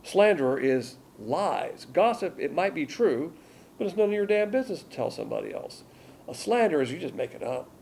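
A man with a heavily gravelly, mellow voice teaches a verse-by-verse Bible lecture. He is blunt and wanders off into side topics, reading scripture more loudly than his asides. Faint room ambience sits behind him. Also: a little high, very animated, brisk, slight background noise.

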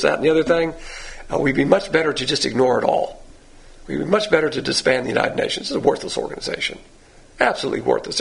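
A man's voice: fairly high pitch, gravelly, slightly rough. A man teaching a sermon on the Bible in a blunt, folksy, emphatic way.

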